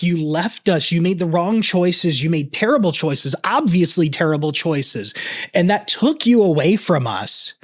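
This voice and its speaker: A man in his thirties gives an earnest, reflective reaction commentary, choked up and talking in halting bursts. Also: a little high. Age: 30s. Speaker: reaction video host.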